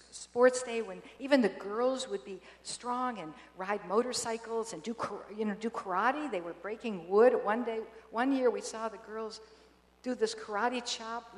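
A woman telling devout family stories in a casual, halting way, full of restarts. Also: a little high. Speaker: guest sharing family memories. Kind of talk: casual storytelling. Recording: roomy hall with long reverb.

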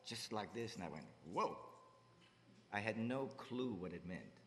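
A man slowly and softly telling a personal devotional story to an audience. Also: fairly low pitch, expressive. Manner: slow, soft-spoken, recounting with quoted dialogue. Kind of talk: storytelling to an audience, then singing a devotional song. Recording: long hall reverb with guitar music behind. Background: guitar music.

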